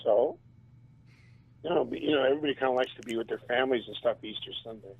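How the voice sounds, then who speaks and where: A man, a band drummer and interview guest, telling stories in a casual and animated way and laughing often. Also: medium pitch, quick pace, slightly rough. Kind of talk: casual storytelling. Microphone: phone. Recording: tinny phone line.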